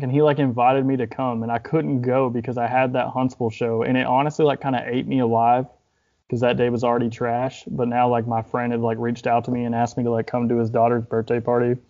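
A man's voice: medium pitch, a little mellow. Rambling young man, slightly muffled. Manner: rambling, heavy use of filler "like", frequent swearing. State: grieving, holding back tears. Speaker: podcast host, wrestler. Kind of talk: casual podcast talk.

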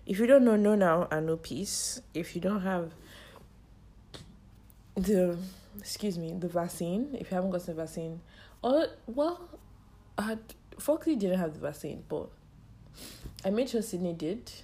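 Young female podcast host, choked up, halting delivery, warm low voice. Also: animated. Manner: tearful, halting storytelling. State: choked up, strained voice. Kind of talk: personal monologue.

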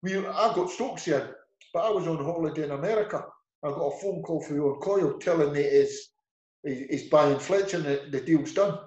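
The sound is lo-fi and echoey as a middle-aged Edinburgh-accented Scottish football manager, a guest in a casual interview, tells rambling stories. His slightly raised voice is on the high side, a little mellow, and brisk, and he mimics the people he quotes.

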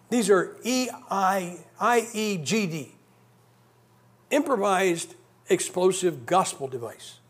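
Husky man preaching emphatically. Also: high voice, a little mellow. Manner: conversational, emphatic, joking asides. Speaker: guest preacher. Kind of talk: sermon.

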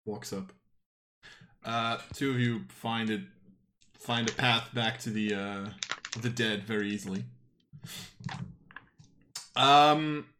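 A man narrating as game master of a tabletop game, halting and full of fillers. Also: fairly low pitch, fairly bright tone, slight background noise.

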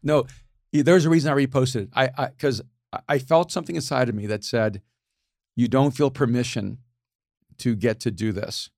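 A middle-aged man in a casual conversation, animated, laughing often and repeating words as he starts sentences. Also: mid-range voice, moderate pace, vocal fry, no room sound, clean studio sound.

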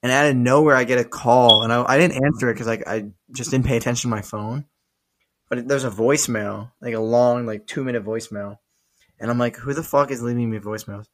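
A young man co-hosting a podcast, telling stories in a loose, animated way and swearing often. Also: medium pitch, a little fast. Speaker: podcast co-host. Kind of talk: casual chat.

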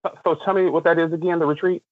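A man's voice: on the high side, steady tone, racing, no echo, phone-quality sound. A man hosting a podcast in a playful, chatty way, calling his listeners darling and girlfriends. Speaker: podcast host. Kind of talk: casual podcast chat.

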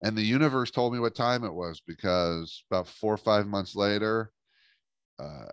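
A middle-aged man, a business coach, telling a lively story in an interview and acting out the dialogue. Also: on the low side, normal speed, smooth, no echo, clean studio sound. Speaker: business coach and speaker, guest.

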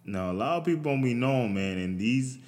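A man hosting a show, ranting in a loose, profane, rambling way and breaking into shrill, disbelieving outbursts. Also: animated, brisk, darkish tone. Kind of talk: solo comedic rant. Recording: long reverb.

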